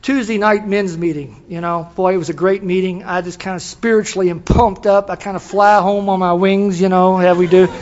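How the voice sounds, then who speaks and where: An older man telling his personal story to an audience at a recovery meeting, self-deprecating and folksy, with halting restarts. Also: high-pitched, fairly even intonation, darkish tone, muffled recording. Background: audience laughter.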